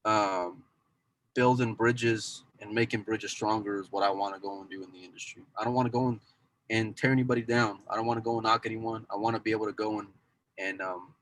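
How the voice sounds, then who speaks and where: Male podcast regular, deeper voice, loose rambling chat with lots of self-corrections. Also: fairly even intonation, a little fast, a bit bright, a little hiss or hum, rough recording. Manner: rambling, repeats "go and", many restarts. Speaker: pool news insider and cue dealer.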